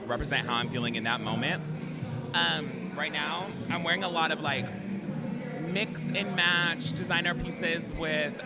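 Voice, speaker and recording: A man answering interview questions casually, with frequent ums and likes. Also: fairly high pitch. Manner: relaxed, many ums and likes. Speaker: interview guest, fashion figure. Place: outdoors at event. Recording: loud music behind outdoors.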